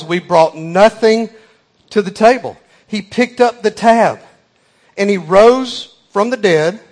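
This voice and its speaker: Preacher guy, folksy and emphatic, high-ish voice, says y'all a lot. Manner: folksy, emphatic, repeats key phrases. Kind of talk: sermon storytelling.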